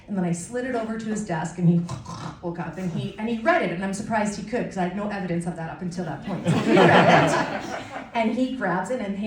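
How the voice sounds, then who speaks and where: Middle-aged woman doing lively stand-up. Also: medium pitch. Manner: animated storytelling with self-mocking punchlines. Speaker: stand-up comedian. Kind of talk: stand-up routine. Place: comedy club stage. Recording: distant mic in an echoey room with a loud crowd. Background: audience laughter and cheers.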